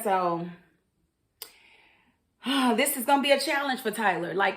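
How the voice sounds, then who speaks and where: Brief: young adult woman, casual opinionated TV recap, mid pitch. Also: a bit bright. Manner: opinionated, talks straight to the characters. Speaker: TV show reviewer. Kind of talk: casual chat.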